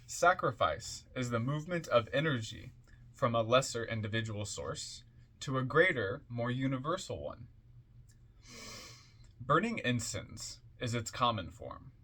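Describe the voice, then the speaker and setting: A man reading passages from an occult book aloud in a measured, deliberate way, with offhand asides in between. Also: mid-range voice, expressive, pushed and bright.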